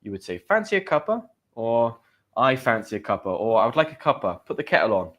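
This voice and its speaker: A man's voice: fairly low pitch, lively intonation, quick pace, a bit bright, lo-fi sound. Chatty British man teaching English. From Great Britain. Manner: chatty, greets viewers and reads their comments aloud. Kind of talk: live-stream English lesson.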